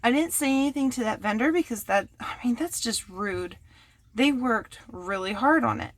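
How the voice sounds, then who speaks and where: A woman chatting casually and teasing herself while she crafts at home, going quiet when the work gets delicate. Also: fairly high pitch, expressive, moderate pace. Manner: chatty and self-mocking, drops to a hush while working. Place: home workspace.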